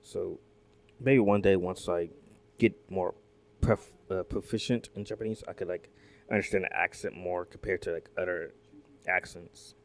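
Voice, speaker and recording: A man's voice: sits low, steady tone, normal speed, a little hiss or hum. A man hosting a reaction video, chatting casually, rambling with many fillers and restarts and asking the viewers questions. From Southern United States.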